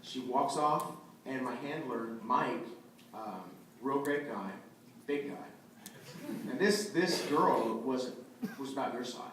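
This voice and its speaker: A man in his thirties, a voice actor at a convention panel, telling a story in an animated way and acting out the quotes. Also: medium pitch, takes it slowly, a little hiss or hum. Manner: animated anecdotal, acts out quotes. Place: large convention hall. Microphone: phone camera from the audience. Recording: echoey hall from far off, phone audio.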